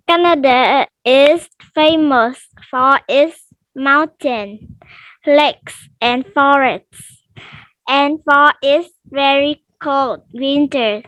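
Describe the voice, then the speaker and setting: A high-voiced woman student with Vietnamese as her first language reads aloud for an online speaking test. She goes very slowly and carefully through the text, and her headset voice comes through dry and close. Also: a bit bright, no room sound. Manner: shy, terse answers, careful halting reading. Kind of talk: reading a passage aloud for a test. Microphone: headset on a video call.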